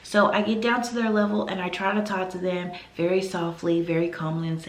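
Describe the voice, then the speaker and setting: A woman who teaches first grade, giving casual classroom advice in a chatty, animated way and acting out what she says to her pupils. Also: lowish voice, fairly quick, hardly any pauses, echoey room.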